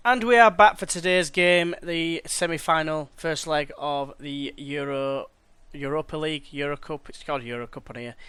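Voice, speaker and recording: A man's voice: on the high side, normal speed, few pauses, fairly bright tone, clean tone, no room sound. A young man chatting and calling the action while playing a football management game. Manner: chatty, slangy, commentates play-by-play. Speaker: let's play gamer. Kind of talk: casual gameplay commentary.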